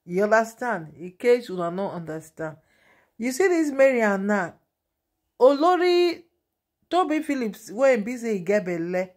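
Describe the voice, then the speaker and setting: A woman's voice: medium pitch, moderate pace. Chatty woman with a Nigerian Pidgin accent. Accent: Nigerian Pidgin English. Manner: chatty, animated, laughs at the gossip. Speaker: vlogger. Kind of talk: casual gossip vlog.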